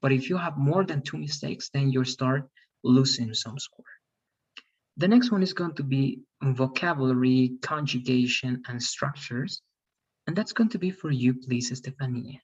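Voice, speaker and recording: A man's voice: medium pitch, moderate pace, breathy edge, lo-fi sound. A man teaching an English class online, explaining rules and often checking with "all right?".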